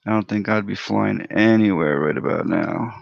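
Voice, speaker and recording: Male livestream host, relaxed and chatty, heavy fry in a lowish voice, dry close sound. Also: normal speed, no room sound. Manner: laid-back, chatty, greets viewers by name. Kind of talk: casual livestream chat. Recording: dry, dull lo-fi audio.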